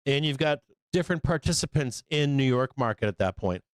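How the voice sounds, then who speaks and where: Male trading-show host, smooth clear voice, dry close mic, loose and profane, mid pitch. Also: animated, no echo. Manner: profane, casual, acts out traders in quick asides. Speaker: stock market show host. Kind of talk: live trading explanation.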